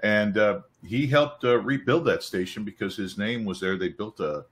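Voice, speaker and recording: A man with a somewhat low voice hosts a casual webcast. He jokes, rambles and restarts his sentences. He speaks over a video call. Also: moderate pace, a bit bright. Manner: joking, rambling, with restarts and laughter. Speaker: webcast host. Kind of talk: casual company webcast chat.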